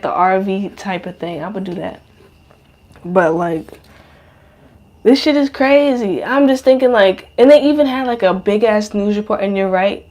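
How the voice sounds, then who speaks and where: A young woman talks straight into a podcast mic in a loose, rambling monologue. Her speech is slangy and heavy with cursing and fillers, and her pitch sits in the middle range for a woman. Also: a little mellow. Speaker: podcast host. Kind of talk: casual monologue.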